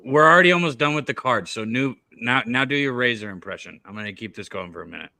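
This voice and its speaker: Blunt, teasing man with a bright voice. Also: medium pitch, fast, gravelly. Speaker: guest analyst. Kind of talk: casual sports betting talk.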